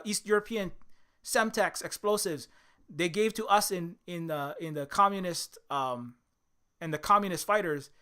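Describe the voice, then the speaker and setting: A man's voice: high-pitched, sharp tone. A man giving casual film commentary, rambling, with many restarts and fillers. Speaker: video commentator.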